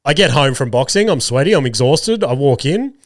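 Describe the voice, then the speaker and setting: A man's voice: medium pitch, lively intonation, fairly quick, no room sound, studio quality. A man in his thirties with an Australian accent, hosting a podcast while sick, telling stories in a sweary, self-deprecating way. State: sick, voice rough. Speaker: podcast host. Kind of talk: casual storytelling monologue.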